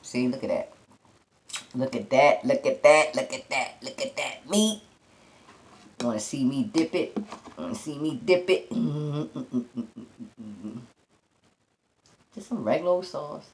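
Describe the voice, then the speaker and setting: A woman hosting an eating show talks to her viewers in short, unhurried bits between mouthfuls, with plenty of contented hums. Her pitch swings widely, from low murmurs up to high exclamations. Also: lively intonation. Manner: chews loudly between short remarks and hums of enjoyment; addresses viewers directly and teasingly. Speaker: mukbang host.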